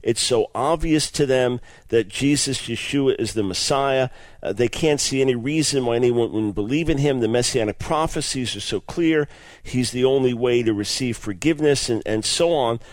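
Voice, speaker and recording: In a dry recording, a man hosts a radio broadcast at normal speed with a mid-range voice. His explanatory monologue is earnest and keen, marked by words repeated on restarts.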